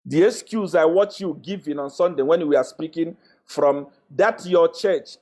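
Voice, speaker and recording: A young man speaks in a slightly high voice in a confrontational live-stream monologue. He keeps repeating his phrases as he accuses and mocks. His scornful laugh breaks in often. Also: a little slow, a little mellow. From Zambia. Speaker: self-styled prophet.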